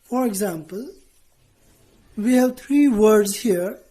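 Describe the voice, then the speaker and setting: A woman teacher giving a lesson to students, speaking deliberately, spelling out letters and often checking in with "okay". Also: on the high side, warm tone, low-quality recording.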